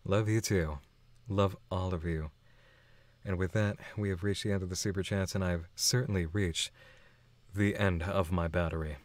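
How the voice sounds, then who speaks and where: A man's voice: deep voice, fairly even intonation, moderate pace, dry recording. A man hosting a live stream who reads viewer chats aloud and answers in a chatty, affectionate way, laughing often. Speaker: channel host.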